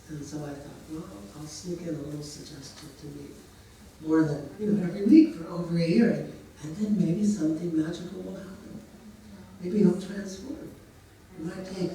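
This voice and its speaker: A man's voice: a little high, mellow, very echoey, distant mic, a little hiss or hum, low-quality recording. A man telling a story in a casual way, now and then putting on voices for the characters. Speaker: storyteller and therapist.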